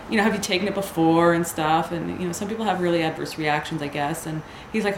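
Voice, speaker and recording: Woman, personal storytelling, hesitant and halting, echoey room, steady background noise. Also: lowish voice. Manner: hesitant, halting, full of restarts.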